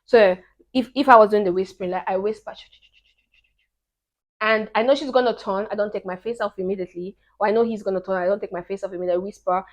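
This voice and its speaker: A young woman giving casual dating advice to camera, emphatic, repeating her key points and swinging between hushed and loud. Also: mid-range voice, steady tone, quick pace.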